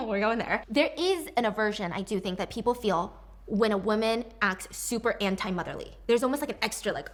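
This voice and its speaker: A woman co-hosting a casual chat, telling a story and acting out the quoted voices. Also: on the high side. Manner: animated, acts out quoted voices.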